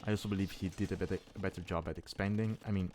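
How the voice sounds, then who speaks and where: Guy casting a strategy game, deep voice, restarts words a lot, faint typing behind. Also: steady tone, rapid-fire, darkish tone, slight background noise. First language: Italian. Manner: thinking aloud, restarting words mid-phrase. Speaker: esports caster. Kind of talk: live strategy game commentary.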